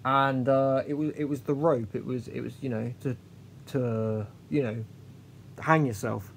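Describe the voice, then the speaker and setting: Man, vlogger, talks in halting restarts, confessional, mid pitch, faint low rumble behind. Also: fairly even intonation, creaky. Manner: halting, with many restarts and trailing pauses; earnest and confessional. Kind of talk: candid personal storytelling.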